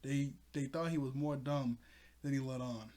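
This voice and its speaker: A man's voice: medium pitch, steady tone, normal speed, mellow. A man giving a casual, rambling recap of a manga chapter, chuckling as he goes. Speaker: manga reviewer.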